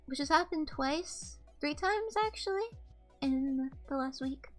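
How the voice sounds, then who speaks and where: High-voiced young woman, flat monotone chat. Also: unhurried, soft background music. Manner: quiet flat monotone delivery. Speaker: VTuber streamer. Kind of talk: casual livestream chat. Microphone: desk streaming mic.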